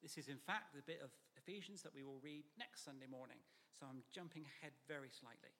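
Man preaching a sermon in a reverberant hall. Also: a little high. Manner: measured, emphatic, softening to near whispers. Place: church.

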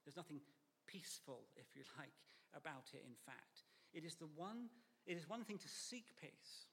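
A man preaching a sermon in a church, measured and emphatic, sometimes dropping to a near whisper. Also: a little high, animated, fairly bright tone, breathy edge, big-room sound.

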